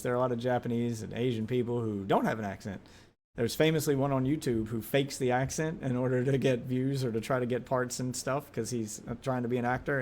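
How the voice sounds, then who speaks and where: An American man giving casual reaction commentary, blunt, sarcastic and quick to swear. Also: medium pitch, a little mellow. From United States.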